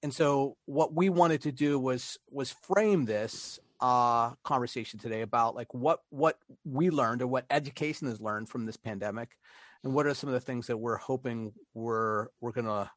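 A man from Pittsburgh co-hosting a podcast, upbeat and quick to laugh, with lots of "uh" and "you know" as he talks. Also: medium pitch, dry recording, studio quality. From Pittsburgh, United States. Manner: upbeat, laughs easily, many fillers. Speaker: podcast co-host. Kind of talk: casual chat.

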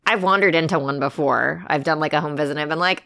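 A woman podcast co-host, chatting playfully with quick asides. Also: low voice, vocal fry, sharp tone, dry recording, studio quality. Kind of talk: casual chat.

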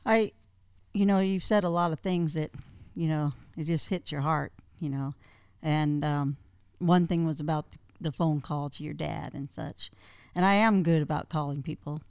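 A guest speaking hesitantly and openly in a personal conversation, pausing with fillers. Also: medium pitch, fairly even intonation, darkish tone, smooth, no echo, clean studio sound. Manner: hesitant, open, reflective.

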